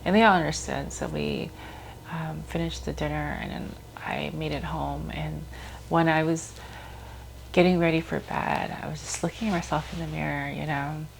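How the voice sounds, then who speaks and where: Low, gravelly-voiced woman telling her story. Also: steady tone, moderate pace, slight background noise. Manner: casual, rambling, lots of filler words. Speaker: host. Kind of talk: personal storytelling.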